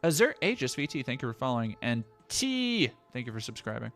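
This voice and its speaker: A man's voice: medium pitch, big pitch swings, brisk, fairly bright tone, soft background music. A man streaming, reading news headlines aloud and reacting with sarcastic asides. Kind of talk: casual stream commentary.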